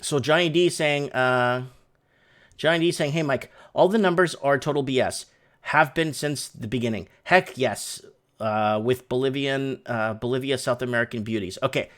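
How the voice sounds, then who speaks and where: A man's voice: medium pitch, moderate pace, a bit bright. A man hosting a casual online show, chatting loosely as he reacts to foreign news clips and translates them on the fly. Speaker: host. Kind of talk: casual commentary over live news.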